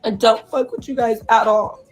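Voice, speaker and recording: A young woman performer, crying and hoarse, ranting profanely and in distress straight at her livestream viewers. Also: a little high, steady tone, moderate pace, faint music behind, poor audio. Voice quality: husky. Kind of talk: emotional livestream rant.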